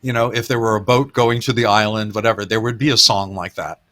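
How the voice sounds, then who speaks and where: A man's voice: on the low side, steady tone, fast talker, a bit bright. A man hosting a podcast, retelling film gags in a casual, chuckling way. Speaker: podcast host.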